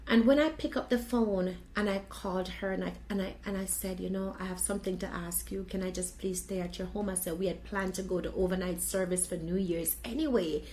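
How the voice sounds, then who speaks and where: A woman tells a personal story in an animated way, acting out the dialogue. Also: medium pitch, fairly quick, few pauses, poor audio. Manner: animated, expressive retelling with quoted dialogue. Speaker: video blogger.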